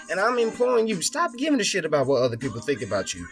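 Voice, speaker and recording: A young man hosts his own videos, giving a blunt, profane, rambling motivational monologue in an extremely high, very animated voice, brisk with hardly any pauses. Soft music plays behind him.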